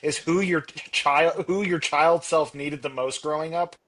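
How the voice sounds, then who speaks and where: A chatty man co-hosting a coaching podcast, with a voice that sits a little higher than most men's. He talks casually and keeps reaching for quick examples and jokes to make his points land. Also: steady tone, a bit bright.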